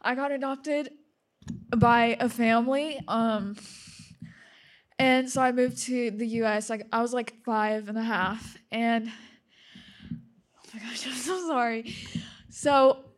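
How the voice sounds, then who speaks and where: A young woman born in Russia, a native Russian speaker, gives a personal testimony with a fairly high voice. She talks slowly and in halting bits. She stops often to apologize and laugh nervously. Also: fairly even intonation.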